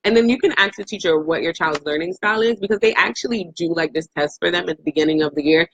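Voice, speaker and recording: A young adult woman co-hosting a casual chat, speaking, animated and often chiming in with agreement. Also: on the low side, fast talker, breathy edge. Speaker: co-host. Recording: dry, dull lo-fi sound.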